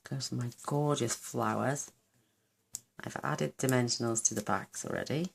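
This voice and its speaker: Gravelly, gushing woman crafter. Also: rumbling low, a little slow, a little hiss or hum. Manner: chatty and gushing, thinking aloud while working. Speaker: craft channel host. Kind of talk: casual card-making tutorial.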